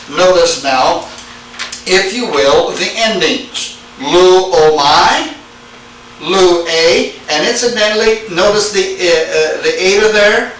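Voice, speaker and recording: A man teaching a Greek class, lecturing slowly and quizzing his students as he goes. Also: fairly high pitch, a bit bright. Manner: slow, deliberate, asks the class questions. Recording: echoey room, speaker far from mic, faint hiss.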